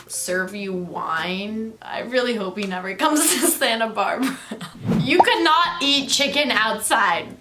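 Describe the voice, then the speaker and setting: A young woman vlogging a comedy monologue, chatty and animated, acting out her parents' lines in a raised voice. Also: medium pitch, echoey room. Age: young adult.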